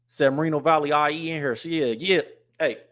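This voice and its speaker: A man's voice: a little high, fairly quick, a bit bright. Blunt West Coast man hosting a stream. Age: adult with wife and kids. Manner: blunt and scolding to chat, reads comments aloud. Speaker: livestream host. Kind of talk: casual live-stream commentary.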